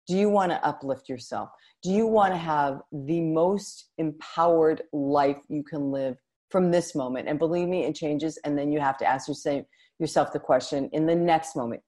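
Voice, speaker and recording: A woman hosting a personal podcast, talking in an animated, expressive way with frequent restarts. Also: deep voice. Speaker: podcast host. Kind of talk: casual personal podcast monologue.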